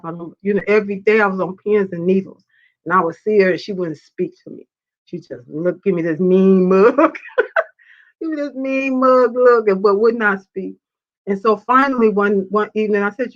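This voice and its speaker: A woman hosts a live faith talk show, chatting through viewer comments and telling stories with lively, laughing energy. Her voice sits at a middle pitch. The audio is somewhat dull and lo-fi. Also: normal speed. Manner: animated storyteller, laughs often, acts out quotes. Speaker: show host. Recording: dull lo-fi sound.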